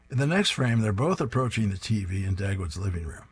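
A man with a low, husky voice reads newspaper comic strips aloud. He describes each panel in a plain, steady way and then moves on to the dialogue. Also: brisk.

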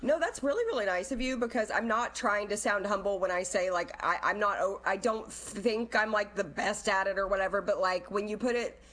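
A woman co-hosting a podcast in casual chat, easygoing and quick to agree. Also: mid-range voice. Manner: warm, quick to laugh and agree. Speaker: podcast co-host.

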